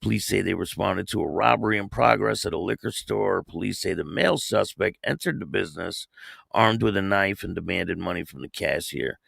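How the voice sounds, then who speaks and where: Low, creaky, and a bit bright, this man's voice is animated and brisk, captured dry with studio quality. He runs a casual online livestream, calling out viewers' names and donations and reading the news aloud with small slips.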